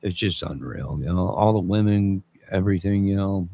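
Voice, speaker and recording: Gravelly low-voiced man rambling on stream. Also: normal speed, dark tone. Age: 50s. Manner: rambling, jokey, responds to chat. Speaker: channel host. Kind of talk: rambling live-stream chat.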